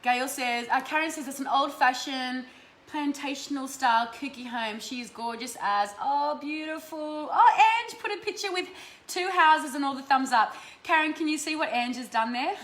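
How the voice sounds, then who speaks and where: An Australian woman with a high-pitched, slightly bright voice and moderate pace hosts a live stream of energy readings. Casual and affectionate, she swears freely as she chats with viewers, in a recording with roomy echo and faint background noise.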